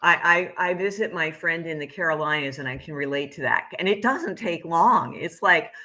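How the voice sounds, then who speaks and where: A woman's voice: fairly low pitch, normal speed, few pauses, bright, forceful tone. A woman from Pennsylvania telling stories in a rambling, thoughtful way as a spiritual teacher in casual chat. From Pennsylvania, United States.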